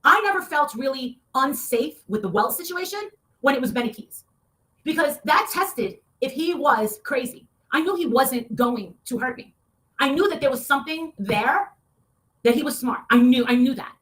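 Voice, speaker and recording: A woman talking in a heated, casual rant, swearing often and breaking into loud outbursts. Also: high-pitched, expressive, normal speed. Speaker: online show guest.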